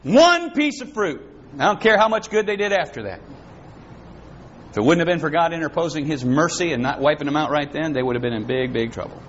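A pastor preaching a sermon, swinging between loud, dramatic lines and hushed ones. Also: male voice, on the high side, fast talker. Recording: dull lo-fi with faint hiss.

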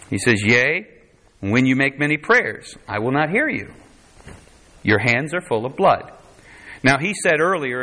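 A man's voice: medium pitch, pushed and bright. A man preaching a conversational sermon, quoting scripture in a dramatic voice. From United States.

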